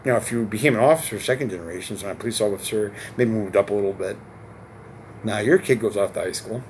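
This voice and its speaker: A man's voice: fairly low pitch, fast, a little mellow, a little hiss or hum. A man in his forties from Connecticut, talking alone to camera in a long rambling monologue, swearing, repeating himself and asking rhetorical questions. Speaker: vlogger.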